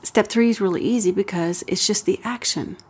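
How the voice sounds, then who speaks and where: Brief: woman host, parenting advice, calm and steady, mid pitch. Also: fairly quick, breathy edge. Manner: calm, steady, explains step by step. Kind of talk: advice talk.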